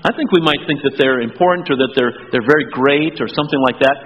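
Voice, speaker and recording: A man, a pastor, reading scripture slowly and then talking casually with children in a church. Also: mid-range voice. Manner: slow, deliberate reading, then relaxed chat with kids. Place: church sanctuary. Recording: dull, echoey church recording.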